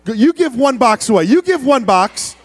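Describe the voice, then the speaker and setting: A man preaching as a youth pastor, playfully wrangling a big room of students and often shouting. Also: extremely high pitch, sing-song, moderate pace. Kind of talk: youth ministry sermon.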